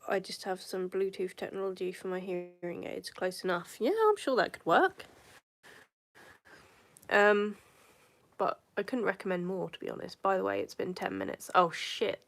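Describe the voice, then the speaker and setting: A woman's voice: fairly low pitch, moderate pace, vocal fry, a bit bright. A woman live streaming, chatting in a rambling way and now and then dropping into a whisper. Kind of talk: casual live-stream chat.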